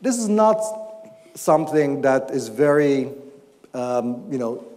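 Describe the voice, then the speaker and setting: A man, an economics professor, giving an explanatory academic talk and answering questions, often pausing and restarting his sentences. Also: medium pitch, animated, darkish tone, in a large hall. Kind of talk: academic lecture and Q&A. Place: lecture hall.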